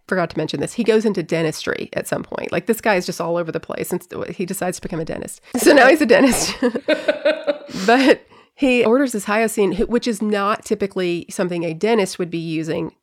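A woman's voice: lowish voice, fairly quick. Woman, podcast host, casual true-crime chat, chatty, acts out quotes.

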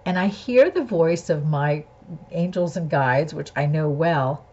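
A woman with a low, breathy, darkish voice speaks candidly and earnestly at a measured pace. She tells a personal story and draws a spiritual lesson from it. The recording is slightly dull and lo-fi.

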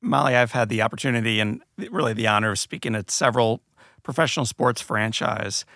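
A man's voice: mid-range voice, brisk, vocal fry, fairly bright tone, no room sound, clean studio sound. A man hosting an interview, asking curious, complimentary questions. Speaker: interview host. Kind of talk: conversational interview.

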